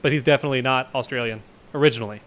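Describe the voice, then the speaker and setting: A man explaining game trivia in a relaxed, casual way as a guest. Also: mid-range voice, very fast. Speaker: podcast guest. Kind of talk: casual gaming chat.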